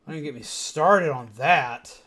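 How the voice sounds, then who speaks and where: A man's voice: on the high side, moderate pace, fairly bright tone. A young man streaming a video game, rambling in casual chat and swearing freely. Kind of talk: casual gaming commentary.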